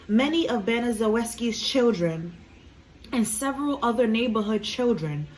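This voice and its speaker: A woman's voice: on the high side, animated, moderate pace, a little hiss or hum, poor audio. A woman. She talks earnestly in a casual, emotional way, swears freely and fills her talk with "you know". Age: 20s. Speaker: reaction video host.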